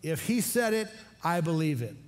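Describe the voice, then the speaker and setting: رجل يعظ بحماس في قاعة واسعة. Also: male voice, on the high side, normal speed. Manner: energetic call-and-response. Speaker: pastor. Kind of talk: sermon for an online church service. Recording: long hall reverb.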